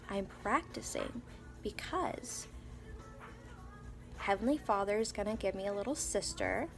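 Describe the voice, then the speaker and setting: Gravelly and mid-pitched, this young woman with three young children chats through a home vlog story, wandering off track with lots of fillers and restarts. Her child's lines come out in a gentle whisper. Quiet music can be heard behind her.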